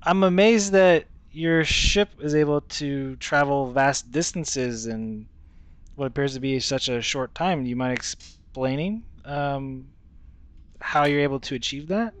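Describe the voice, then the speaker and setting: A man's voice: medium pitch, a little slow, smooth, no room sound, lightly acted. A man playing a polite, diplomatic male starship officer who questions a visitor with courtesy. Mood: courteous. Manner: courteous and inquisitive.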